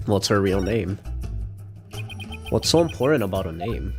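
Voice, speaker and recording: A man's voice: lowish voice, lively intonation, normal speed, long pauses, soft background music. A young man streaming a game, reading its dialogue aloud with playful put-on voices and jokes of his own. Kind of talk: playthrough with voiced text.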